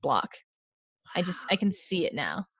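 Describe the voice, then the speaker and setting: A young woman in casual podcast chat, telling stories with lively quoted voices. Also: lowish voice, measured pace, breathy edge, dry recording. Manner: animated storytelling, quoting others.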